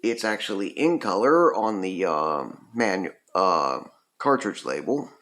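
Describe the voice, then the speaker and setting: A man's voice: deep voice, big pitch swings, measured pace, fairly bright tone. A man casually reviewing a retro video game, rambling with lots of ums and uhs. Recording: roomy echo.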